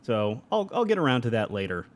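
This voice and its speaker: A man's voice: mid-range voice, big pitch swings, fairly quick. A young adult man streaming a game live, chatting casually, reading chat aloud and laughing often.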